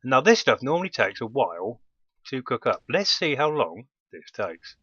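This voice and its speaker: Man, gameplay commentary, bright forceful voice, excitable, muffled lo-fi mic. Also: medium pitch, normal speed, husky, no room sound. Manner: excitable, bursts into delighted exclamations. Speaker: let's play host.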